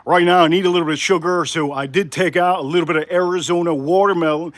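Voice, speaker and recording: A man's voice: on the high side, fairly even intonation, fast, no echo. A man hosting a casual live cooking stream from his home kitchen, out of breath from crouching while he talks to his viewers. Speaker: livestream cooking host.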